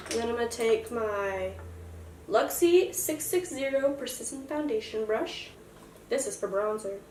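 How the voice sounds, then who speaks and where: A woman's voice: fairly high pitch, slight background noise. Young woman, makeup tutorial, chatty, self-joking, distant camera mic, roomy echo. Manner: chatty and self-joking, explaining each step. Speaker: makeup vlogger.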